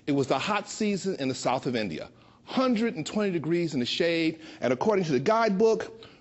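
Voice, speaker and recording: A man in his sixties from Chicago, telling a personal story with a playful, expressive delivery that slows down for emphasis. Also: on the high side. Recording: dull lo-fi recording.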